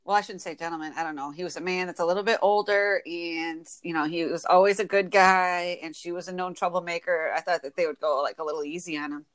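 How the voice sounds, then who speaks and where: A woman's voice: lowish voice, steady tone, fast, few pauses, fairly bright tone. A woman from Michigan with a Michigan accent, co-hosting a casual chat podcast, chatty, full of slang and laughter. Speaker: podcast co-host.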